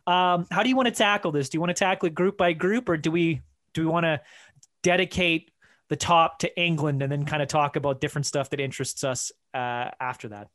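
A man's voice: on the high side, steady tone, a little fast, fairly bright tone. A man from Iceland co-hosting a casual football podcast, joking and sarcastic as he chats. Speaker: podcast co-host. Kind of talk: casual sports chat.

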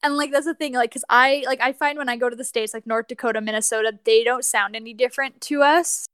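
Bright, crisp woman chatting. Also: fairly high pitch, fairly even intonation, fast talker, dry recording, studio quality. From Canada. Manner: chatty, peppers speech with "like", swears freely. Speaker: podcast co-host. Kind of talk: casual chat about a film.

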